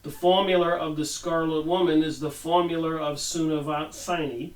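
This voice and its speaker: A man's voice: fairly high pitch, normal speed, few pauses, far from the mic, rough recording. A man hosting a book review, reading passages aloud and adding his own conversational, rambling asides. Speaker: channel host reviewing a book.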